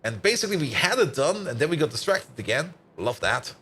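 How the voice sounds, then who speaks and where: Sleepy guy streaming a factory game, high voice that bounces all over, rambly and chatty, swears a bunch. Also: sing-song, brisk, sharp tone, faint music behind. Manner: chatty and rambling, laughs often, swears casually. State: tired. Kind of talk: casual gameplay commentary.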